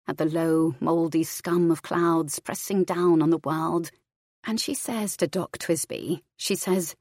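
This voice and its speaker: A woman reading a novel aloud in a measured, even voice. Her tone sits low, and the recording is close and dry. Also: dry recording. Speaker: narrator. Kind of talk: audiobook fiction reading.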